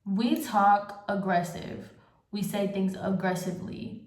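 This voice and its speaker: A woman's voice: mid-range voice, fairly even intonation. Sarcastic young woman ranting, echoey room. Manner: exasperated, sarcastic, fast asides. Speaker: beauty vlogger. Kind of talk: casual ranting commentary.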